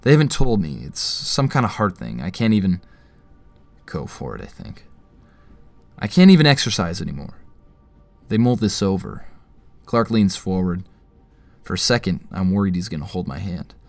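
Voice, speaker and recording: A man with a lowish voice narrates an audio drama in the first person, wry and tense. He sounds close to the mic, with a dry sound and no room echo. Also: very animated, normal speed, gravelly, pauses often, faint music behind. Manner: wry, tense inner monologue.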